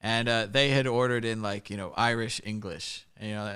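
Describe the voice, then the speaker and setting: A man's voice: fairly low pitch, steady tone, a little fast, bright, forceful tone, smooth. An American man hosting a casual chat, joking and telling rambling stories. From United States. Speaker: host.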